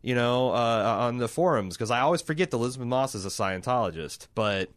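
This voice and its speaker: A man's voice: medium pitch, lively intonation, brisk, no room sound. A man co-hosting a podcast, talking casually with lots of restarts and swearing. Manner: rambling, profane, many restarts. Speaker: podcast co-host. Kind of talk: casual chat.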